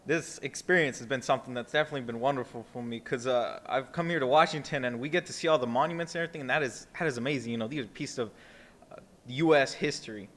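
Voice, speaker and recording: A man's voice: medium pitch, quick pace, a bit bright. Earnest rambling young man from Texas. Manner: rambling, earnest, many fillers. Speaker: student speaker. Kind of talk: informal conference speech. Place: museum conference hall.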